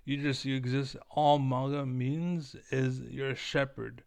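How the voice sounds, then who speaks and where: A man's voice: medium pitch, steady tone, a little slow, gravelly, a little mellow, dry recording. A man streaming, ranting in a profane, heated and blunt way as a former competitive gamer. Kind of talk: ranting livestream monologue.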